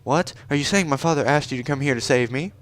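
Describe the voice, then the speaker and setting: A man's voice: mid-range voice, fast talker, pitched above the performer's own voice, close to an everyday voice. A man reading out the lines of a haughty, bossy young fish-princess girl in a raised voice while commenting on a video game. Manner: bossy, commanding. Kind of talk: gameplay commentary with voiced dialogue.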